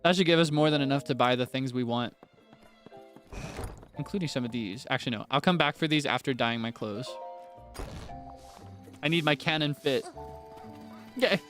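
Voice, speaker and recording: A man's voice: medium pitch, normal speed, pauses often, a bit bright, faint music behind. A man streaming a video game, chatting casually in a self-deprecating, giggly way. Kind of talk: casual gameplay commentary.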